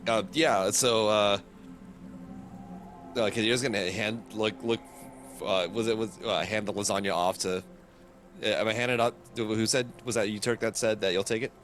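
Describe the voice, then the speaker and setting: A man's voice: lowish voice, steady tone, normal speed, fairly bright tone, faint music behind. A man playing a tabletop game who speaks hesitantly and stumbles over his words. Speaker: player. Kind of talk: tabletop role-play.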